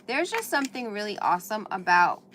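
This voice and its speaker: A woman's voice: mid-range voice, very animated, a little fast, noisy background. A woman hosting a craft livestream, chatting with viewers while she works with paper and glue at her table. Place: indoors at a craft table under bright lights.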